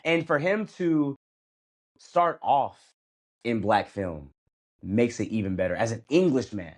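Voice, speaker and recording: A man's voice: mid-range voice, animated, a little slow. Laid-back man in casual movie chat. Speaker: podcast co-host reviewing a film.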